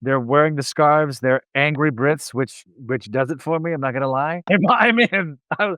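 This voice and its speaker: A man's voice: on the high side, normal speed, a bit bright, clear, resonant tone, dry recording. A man co-hosting a podcast that breaks down a wrestling show, chatting casually, jokey and rambling. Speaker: podcast co-host.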